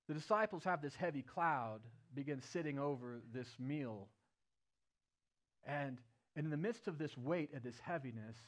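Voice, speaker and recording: A male pastor delivers a sermon to his church. He tells the story vividly. His voice climbs loud and high at key points and drops to a hushed murmur at others, from a middle-pitched baseline. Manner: retells the story vividly, swinging from loud and raised to hushed and low. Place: church service.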